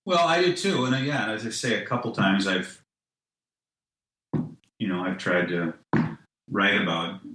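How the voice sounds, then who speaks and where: Rambling man with a bright voice. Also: lowish voice, measured pace, long pauses, echoey room, rough recording. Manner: rambling, many restarts and "you know"s; animated, laughs at his own ideas. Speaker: guest, comic writer. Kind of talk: casual podcast conversation.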